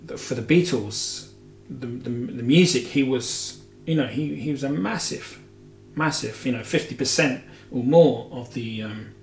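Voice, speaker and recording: Casual male host, mid pitch, meandering and chatty, recorded in an echoey room. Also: measured pace, gravelly. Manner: rambling, heavy with filler "you know"s and self-corrections. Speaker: guitar show host. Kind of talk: casual Q&A chat. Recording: roomy echo with faint music.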